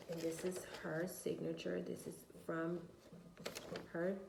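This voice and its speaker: A woman with a low, mellow voice speaks in a roomy, echoey space. She tells her story bluntly and with emphasis, swearing freely. It sounds like a casual home vlog. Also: monotone, slow, creaky, slight background noise. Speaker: vlogger, mother of four.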